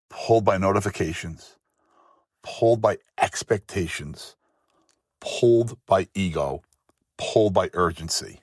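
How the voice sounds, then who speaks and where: A man's voice: deep voice, fairly bright tone, dry recording, clean studio sound. A man hosting a faith-based motivational monologue, speaking emphatically in rhythmic lists of short phrases. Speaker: host.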